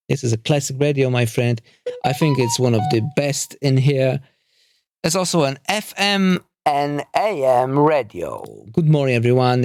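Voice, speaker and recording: A man walking through a microphone unboxing in a second language he is still learning, halting and restarting as he searches for words. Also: medium pitch, no echo. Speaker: tech reviewer. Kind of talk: product unboxing and walkthrough.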